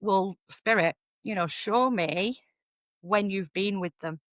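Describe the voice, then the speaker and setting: A middle-aged woman, a psychic medium guest on a podcast who talks in a lively, chatty storytelling way. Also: medium pitch, slow, no room sound, studio quality. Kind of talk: casual podcast conversation.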